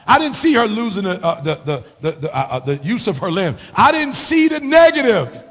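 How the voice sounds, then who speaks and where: Middle-aged motivational speaker guy, high raspy voice, preachy sing-song delivery, lots of reverb. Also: big pitch swings, moderate pace, a bit bright. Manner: preaching, with a sing-song rhythm and repeated rhetorical questions. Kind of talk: motivational speech. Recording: long hall reverb.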